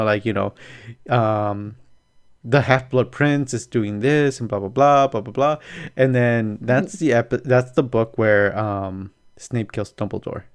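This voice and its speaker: A man hosting a casual podcast chat, telling stories in an animated way and swearing freely. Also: mid-range voice, clear, resonant tone. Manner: profane, animated storyteller. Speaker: podcast host.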